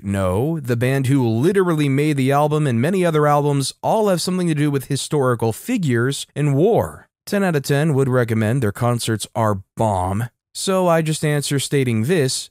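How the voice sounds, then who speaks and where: Man narrating online posts, mid-pitched, wry asides, dry close sound. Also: a little mellow, no room sound. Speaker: story narrator. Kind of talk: reading online stories aloud.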